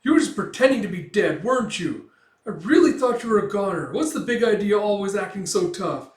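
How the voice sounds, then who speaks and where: A man voicing a small, excitable male elf who yells and stammers in a high, shrill voice. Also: brisk. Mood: frantic. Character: tiny excitable male elf, brash and whiny. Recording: roomy, distant mic.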